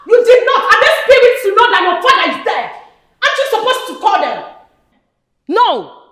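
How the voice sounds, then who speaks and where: A woman's voice: extremely high pitch, sing-song, full character voice. An actress with a Nigerian accent playing a fiery grown daughter who scolds her family after her father's death. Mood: furious. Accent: Nigerian English. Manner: scolding, sharp, rapid accusations. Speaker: actor. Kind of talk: Nollywood film acting.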